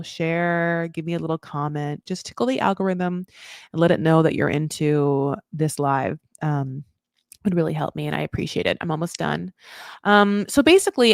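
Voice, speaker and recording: A young woman recapping a reality show in casual, animated commentary, swearing freely and acting out what the people said. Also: deep voice, moderate pace, no echo, clean studio sound. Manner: chatty, animated, swears, acts out quoted voices.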